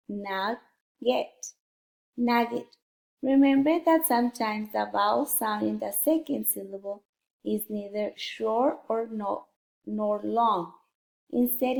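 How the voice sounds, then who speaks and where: A woman teaching a phonics lesson to young children, sounding out letters one at a time in a slow, deliberate way. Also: fairly high pitch, gravelly, darkish tone, reverberant.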